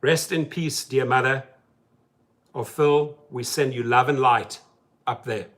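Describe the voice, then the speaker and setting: A man hosting a casual livestream chat from his parked car, talking emphatically and then dropping to a soft, subdued tone. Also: medium pitch, slow pace, long pauses. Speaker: rideshare driver and channel host.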